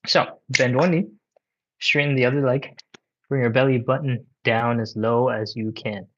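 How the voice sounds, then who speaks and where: Male stretching coach, casual and encouraging, slightly out of breath, mid-pitched voice, dull lo-fi home recording. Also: steady tone, moderate pace, a little hiss or hum. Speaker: stretching instructor. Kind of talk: live workout instruction. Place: home workout space.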